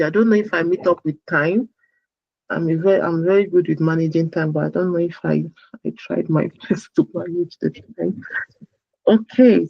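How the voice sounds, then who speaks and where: A man's voice: a little high, no room sound. A man presenting a parenting workshop, repeating phrases and coaxing the audience to ask questions. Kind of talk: talk to parents on a call. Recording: dull, dry lo-fi audio.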